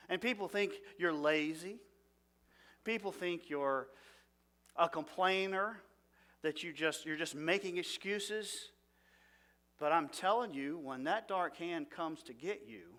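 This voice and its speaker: A middle-aged man teaching a Bible class, earnestly asking the audience questions and dropping his voice low and soft when he talks about feelings. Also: a little slow.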